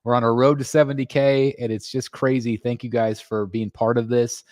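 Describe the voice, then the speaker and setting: A man in the middle of the usual pitch range hosts a relaxed live stream from home. He chats with viewers, reads out their comments and thanks new members, and his voice lifts sharply when he gets excited. The sound is dry and close, with almost no room echo. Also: normal speed. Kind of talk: casual live stream chat.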